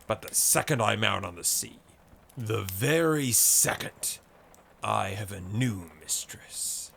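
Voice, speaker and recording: A man's voice: lowish voice, lively intonation, slow pace, creaky, fairly bright tone, slight background noise, exaggerated voice. A man voicing a boisterous male sea colonel who talks with roaring passion. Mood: impassioned. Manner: roaring, impassioned.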